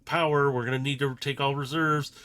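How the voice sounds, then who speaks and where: A man's voice: medium pitch, fairly even intonation, fairly quick, a bit bright, natural voice. Guy playing a ship officer, clipped and urgent, pretty normal voice.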